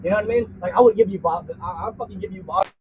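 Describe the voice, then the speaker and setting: A man talks very fast in a high voice as he argues from the back of a vehicle, under arrest and in handcuffs. Indignant and swearing, he repeats himself throughout the heated exchange, captured on a distant, phone-like recording with faint noise.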